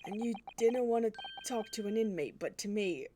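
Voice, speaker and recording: A woman's voice: medium pitch, animated, normal speed, close to an everyday voice. A woman voicing a hostile, brusque male prison governor with a put-on Scottish accent, in a noisy recording. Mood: gruff. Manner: brusque, dismissive.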